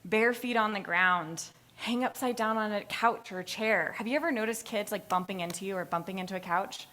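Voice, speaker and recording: A young adult woman giving a live capstone presentation, telling a story with lively, acted-out voices. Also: mid-range voice, brisk. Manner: expressive storytelling, acts out voices in anecdotes. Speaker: graduate student presenter. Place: presentation hall.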